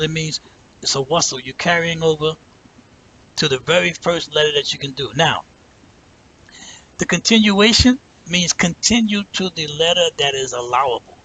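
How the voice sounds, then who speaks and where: Bright-voiced man teaching a slow lesson. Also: a little high, a little hiss or hum, rough recording. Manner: explains step by step, drawing out example words slowly and checking in with "right?". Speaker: language teacher. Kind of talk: patient spoken lesson.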